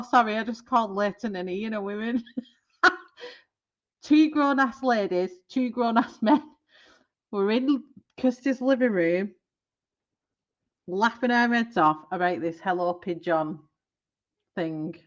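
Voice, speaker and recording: A woman's voice: mid-range voice, measured pace, long pauses, lo-fi sound. A woman hosting a colouring live stream, chatting casually and giggling as she trips over product names.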